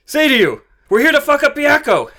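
A man's voice: extremely high pitch, very animated, a little fast, gravelly, pushed and bright, voice pushed up, heavily acted. A man voicing a tough, foul-mouthed young male gang thug who snarls threats and curses. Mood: snarling. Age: 20s.

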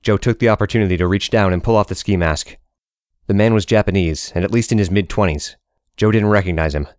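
A man reads a story aloud as an audiobook narrator, steady and measured. His voice sits very low, and the sound is dry and close with no room around it. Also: clean tone, no echo.

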